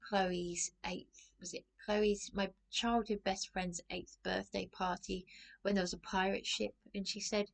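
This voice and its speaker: A woman's voice: medium pitch, flat delivery, unhurried, gravelly. A middle-aged woman telling a rambling personal story to camera, anxious and often breaking off mid-sentence. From England. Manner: anxious, rambling, self-interrupting. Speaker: vlogger.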